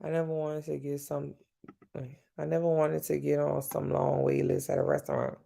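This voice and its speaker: A woman from Louisiana with a Southern accent, chatting casually with viewers on a livestream, swearing freely and jumping up and down in pitch. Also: flat delivery, moderate pace, creaky, warm tone. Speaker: livestream host.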